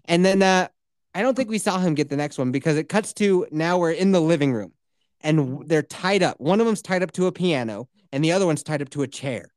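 Animated, swearing man recapping a show. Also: a little high, a little fast, no echo, clean studio sound. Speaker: podcast host. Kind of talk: casual chat, TV recap.

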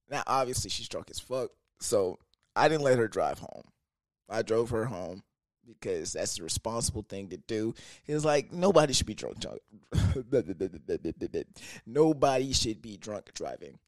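A young man casually telling a personal story, loose and slangy, with animated asides and frequent laughs. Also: mid-range voice, measured pace, no room sound, clean studio sound.

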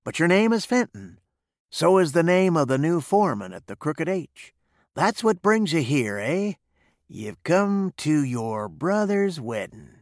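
A cool, ironic outlaw boss in a western audiobook, read by a man. He drawls with a lively, rising and falling pitch and a gravelly edge. The sound is close and dry. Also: unhurried, no room sound. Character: cool, sarcastic male gang boss, menacing.

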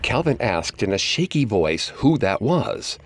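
A man reading a horror story aloud in a measured, suspenseful way. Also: fairly low pitch, very animated. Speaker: narrator. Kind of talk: scripted horror story narration.

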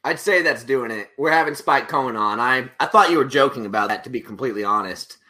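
A man's voice: mid-range voice, lively intonation, fast, bright, forceful tone. A man chatting casually as a podcast guest, easygoing and joking.

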